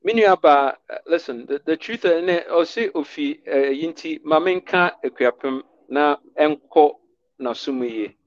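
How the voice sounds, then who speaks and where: A man's voice: on the high side, a little slow, muffled recording. A Ghanaian man who is running for office, answering a talk-show panel earnestly in English and Twi. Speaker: political hopeful, guest.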